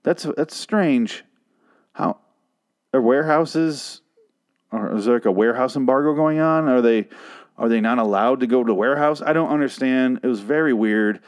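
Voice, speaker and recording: A man in a loose, heated recap of a TV episode. He swears freely, sounds openly irritated and trips over his own words as he goes. His voice sits at an ordinary middle pitch. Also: normal speed. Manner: angry, profane ranting with frequent restarts. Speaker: TV episode reviewer. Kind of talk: casual recap rant.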